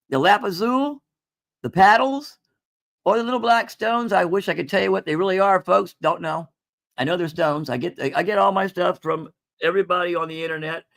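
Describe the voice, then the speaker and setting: A man's voice: fairly high pitch, creaky, a bit bright. A man hosting a casual livestream sale of coins and jewelry, chatty and folksy, calling viewers "folks.". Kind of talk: casual live sales stream.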